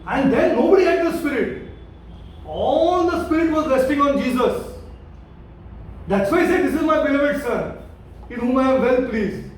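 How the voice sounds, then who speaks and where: A man's voice: very high-pitched, expressive, moderate pace, pauses often. A man teaching a Bible study, repeating himself and putting questions to his listeners. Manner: repetitive, questioning the listeners, emphatic. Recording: very echoey room, voice from a distance, light noise.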